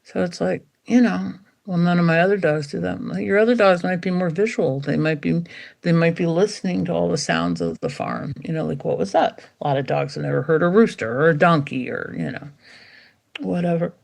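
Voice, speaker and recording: A woman dog behaviour expert talking as a podcast guest, animated and acting out quotes as she explains. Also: lowish voice, fairly quick. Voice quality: animated, acts out quotes, gravelly. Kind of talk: podcast interview conversation.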